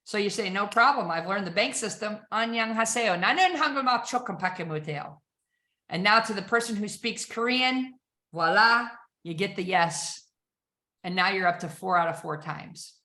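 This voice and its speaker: A woman sales trainer presents with bright, emphatic energy and keeps throwing rhetorical questions at her listeners. Her voice rings out in an echoey room. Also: medium pitch, normal speed.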